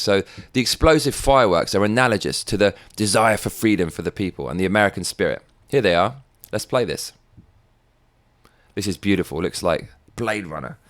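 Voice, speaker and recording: A man's voice: medium pitch, a bit bright, no echo. A man hosting a show, ranting in angry, profane political commentary and mocking what he reads out. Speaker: host.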